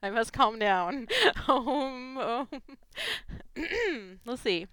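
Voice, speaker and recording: A woman's voice: fairly high pitch, very animated, drawn-out words, fairly bright tone, smooth, no echo. A woman chatting casually on her vlog, giggling often and gushing emotionally. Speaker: fan fiction vlogger. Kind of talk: casual chat reading gifts.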